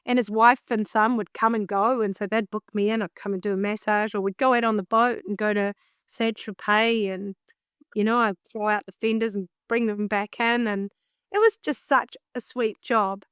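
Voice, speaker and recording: A woman with a New Zealand accent telling a story in a casual interview, lively and acting out her own past thoughts. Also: medium pitch, moderate pace, smooth, no room sound, clean studio sound. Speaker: guest, singer and vocal coach.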